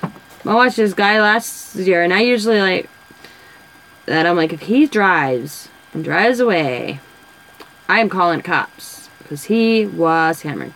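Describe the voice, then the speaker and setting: A woman's voice: on the low side, lively intonation, slow pace, a bit bright, rough recording. A woman, telling rambling stories in casual chat while coloring for her craft vlog. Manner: rambling, chatty storyteller. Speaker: craft vlogger.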